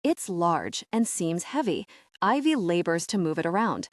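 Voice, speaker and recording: Female audiobook narrator, animated storytelling voice, dry booth recording. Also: lowish voice, a little slow, dry recording. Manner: expressive, varied character reading. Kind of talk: scripted narration.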